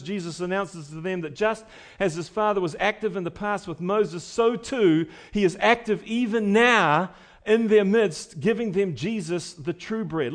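A pastor preaching a sermon to his congregation, emphatic, his voice swinging between loud and quiet. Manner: emphatic preaching with wide swings in pitch and loudness.

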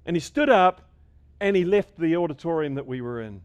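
A middle-aged man preaching a sermon, emphatic, with stammered restarts and quick asides. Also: on the high side, expressive, smooth, muffled recording.

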